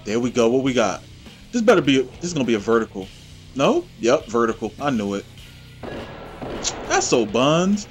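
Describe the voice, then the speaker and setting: Excitable trash-talking man, wildly swinging pitch. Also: normal speed, pauses often, soft background music. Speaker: gameplay channel host. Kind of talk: casual gameplay commentary.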